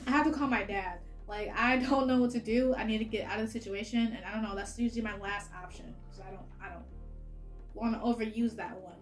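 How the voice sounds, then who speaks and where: Chatty high-voiced young woman. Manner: chatty, heavy use of filler "like", laughs often. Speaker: vlogger. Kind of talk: casual storytime.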